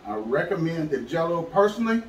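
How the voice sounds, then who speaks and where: A man's voice: fairly high pitch, big pitch swings, brisk, dull audio, a little hiss or hum. A man hosting a casual how-to fishing video, chatty and folksy as he talks to viewers. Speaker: fishing channel host. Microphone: camera mic, filmed by a helper.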